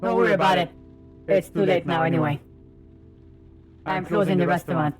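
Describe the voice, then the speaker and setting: A man's voice: on the high side, fairly even intonation, brisk, soft background music, lightly acted. A man reading aloud the lines of a proud, weary woman restaurant chef from a game, earnest and sighing.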